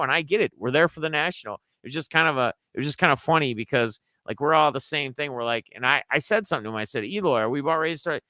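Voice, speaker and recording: Bright, clear-voiced man telling a story. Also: mid-range voice, very fast, few pauses, dry recording. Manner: rambling, acts out friends' lines in raised voices. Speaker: sports card collector vlogger. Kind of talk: casual storytelling recap.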